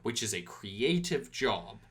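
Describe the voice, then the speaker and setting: A young Scottish man co-hosting a casual podcast chat, energetic and emphatic, piling up examples. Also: fairly low pitch, slow pace. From Scotland. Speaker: podcast co-host.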